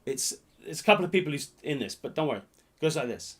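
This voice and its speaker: A man hosting a live-streamed pub quiz, jokey and rambling, swinging between loud announcements and muttered asides. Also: a little high, animated, fast. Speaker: quiz host.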